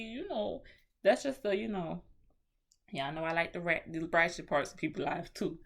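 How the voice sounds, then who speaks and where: Low-voiced woman chatting a movie review. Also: moderate pace, vocal fry. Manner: chatty, animated retelling with slang and swearing. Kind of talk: casual vlog review.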